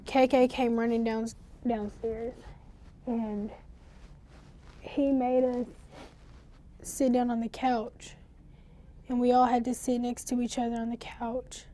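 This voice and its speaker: A teenage girl in an interview, telling of a traumatic night in a halting, shaken way, with pauses and restarts. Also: fairly high pitch, little pitch movement, dark tone. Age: teens. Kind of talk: recounting a personal ordeal in an interview.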